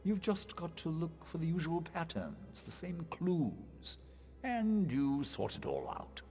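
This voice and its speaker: A creepy traveler trainer in a fantasy video game, speaking in a gravelly, unsettling tone with lots of rise and fall. His voice hangs in a long, echoing reverb, as if heard across a large stone hall. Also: on the high side, wildly swooping pitch, slow pace, warm tone, soft background music, exaggerated voice. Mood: measured.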